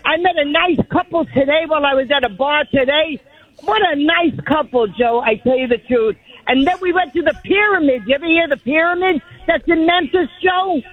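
A woman in her eighties from New York, calling in to a radio show, chatty and excited. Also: sits high, a little fast. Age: 80s. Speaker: caller. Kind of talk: phone-in chat. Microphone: phone. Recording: dull lo-fi phone line.

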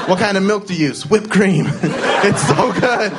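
A man doing a stand-up routine, telling self-mocking jokes in a deadpan way. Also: sits high, normal speed, pauses often, over a noisy crowd. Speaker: stand-up comedian.

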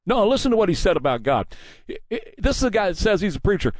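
A man's voice: sits high, big pitch swings, fast, no echo. A man hosting a combative, mocking political commentary monologue.

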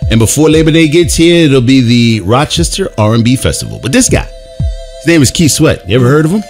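A man hosting a radio morning show, giving lively promo-style station reads and banter from the studio. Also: mid-range voice, fairly quick, soft background music.

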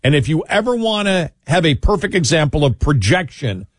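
This host's fairly high voice is sing-song and a little fast, with a breathy edge, as he rambles through anecdotes on a casual political talk show. He interrupts himself, restarts and chuckles a lot, in a dry, studio-quality recording.

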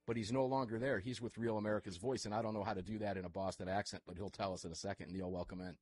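A man hosting a live talk radio show from his studio, chatty and energetic, with quick asides to his guests. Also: on the low side, breathy edge. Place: studio full of electronic equipment. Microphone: studio microphone.

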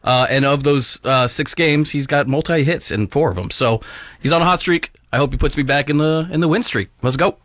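Guy in the studio pitching a bet, a bit high, dry mic, playful puns. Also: fairly quick, a bit bright, no room sound. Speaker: studio guest. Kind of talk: sports betting pick.

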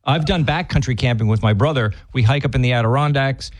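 Man, Massachusetts accent, rambling casual chat, mid-pitched, dry close sound. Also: fast talker, dry recording. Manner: rambling, laughs often, self-interrupting.

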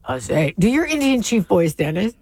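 A woman hosting a call-in radio show, bantering and teasing with quick asides. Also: mid-range voice, expressive, a little mellow, slight background noise. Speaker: radio talk show host. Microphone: studio microphone.

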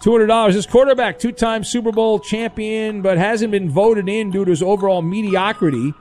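High-voiced male sports radio host. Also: normal speed, darkish tone, faint music behind. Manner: playful, teasing quizmaster. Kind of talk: sports radio game show hosting.

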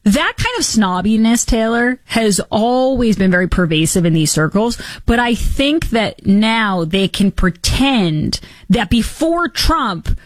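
A woman hosting political commentary, talking in a sarcastic, mocking and animated way. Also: a little high, takes it slowly, dry recording.

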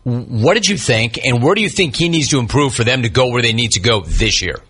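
Fast bright-voiced sports host. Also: male voice, mid-range voice, lively intonation, slightly rough. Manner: quick, eager questioning. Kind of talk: casual sports talk.

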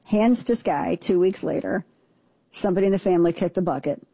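A woman in her forties with a Southern Missouri accent, co-hosting a talk show and telling family stories in a chatty, animated way. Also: on the low side, fairly quick, gravelly, husky, no echo. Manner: chatty storyteller, animated and laughing. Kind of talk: casual chat.

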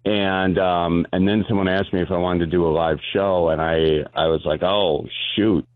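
A man's voice: low-pitched, steady tone, normal speed, no room sound. A man with a Wisconsin accent, a guest comedian chatting in a laid-back, self-deprecating way on a phone line. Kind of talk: casual phone interview.

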